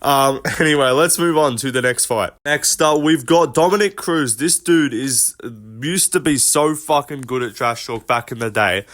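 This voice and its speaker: A man's voice: medium pitch, moderate pace, few pauses, fairly bright tone. A man giving casual, profane commentary as he ranks fighters, with lots of fillers in his talk. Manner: loose and profane, full of fillers. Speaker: MMA commentary YouTuber.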